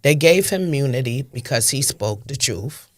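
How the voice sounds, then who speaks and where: This interview guest, a Brooklyn woman in her fifties, speaks in a New York accent with emphatic, passionate testimony and repeated phrases for stress. Her bass voice is animated, at a moderate pace.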